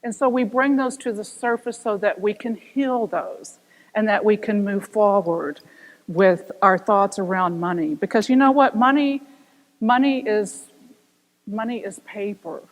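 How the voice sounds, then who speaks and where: An older woman minister giving a sermon, telling stories with animated voices and asking rhetorical questions. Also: mid-range voice, unhurried. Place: church sanctuary. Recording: long reverb of a church hall.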